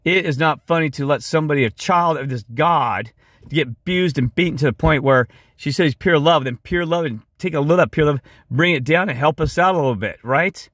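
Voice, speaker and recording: A man's voice: on the high side, a little fast, a bit bright, no room sound. A man talking through a rambling, impassioned video monologue, tired and going off track, then walking through a shared screen. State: weary. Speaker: video creator.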